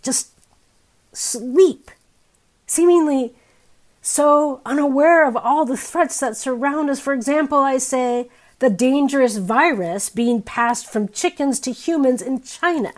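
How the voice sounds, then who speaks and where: Her sermon comes across as frank and conversational with a wry edge; she's a woman in her fifties. The pitch and loudness of her voice vary a great deal.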